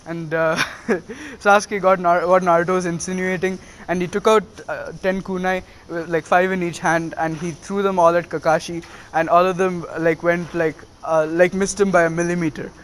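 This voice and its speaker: Give me a young man casually narrating a fan story, full of fillers, voice a bit high. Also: little pitch movement, moderate pace, a bit bright, slight background noise. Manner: rambling, lots of fillers and laughs. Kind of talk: casual spoken story retelling.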